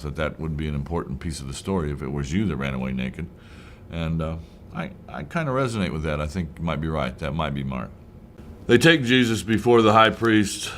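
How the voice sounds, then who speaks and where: Deep-voiced male Bible study teacher, casual and conversational, acts out short quotes, with a faint rumble behind him.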